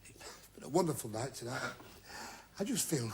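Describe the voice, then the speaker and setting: A man hosting a TV game show with wisecracking jokes and drawn-out asides to the audience. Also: medium pitch, expressive. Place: TV studio with a live audience. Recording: loud studio audience and noise from an old TV broadcast.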